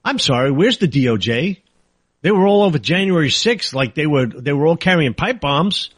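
A man's voice: on the high side, lively intonation, normal speed, dry recording. A man hosting a political talk show, ranting angrily and sarcastically in a monologue. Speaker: talk radio host.

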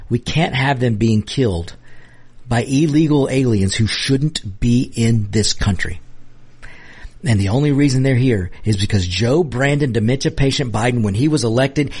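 A man's voice: lowish voice, a little mellow, husky. A man delivering a heated opinion monologue as a political commentary host, emphatic and repetitive. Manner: impassioned, emphatic, repeats himself.

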